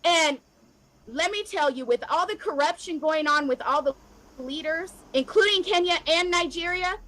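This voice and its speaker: A woman's voice: high-pitched, fairly bright tone, rough recording. An American woman speaking straight to camera in an emotional, impassioned rant, repeating herself and calling out governments directly. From United States. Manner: fiery, repetitive, addresses governments directly. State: emotional, near tears at times. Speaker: activist vlogger.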